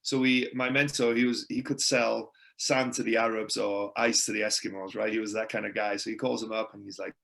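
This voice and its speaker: A man's voice: fairly low pitch, level tone, a little fast, gravelly, few pauses, fairly bright tone. A Welsh man in his thirties, a podcast guest, chatting casually and acting out the dialogue in his stories. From Wales. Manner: chatty, acts out quoted dialogue. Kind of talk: casual interview storytelling.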